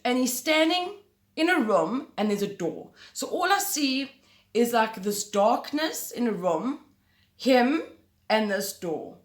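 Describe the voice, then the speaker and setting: A woman's voice: fairly high pitch, slow pace. Woman telling a story in an echoey room. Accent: South African. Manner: animated, emphatic, swears mildly. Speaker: vlogger. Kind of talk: casual storytelling to camera.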